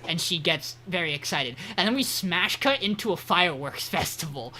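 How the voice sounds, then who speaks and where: A man co-hosts a casual podcast. He recaps an episode in a loose, rambling way and swears freely. His voice is bright and forward, with a faint hiss in the background. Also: on the high side, lively intonation, moderate pace. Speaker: podcast co-host.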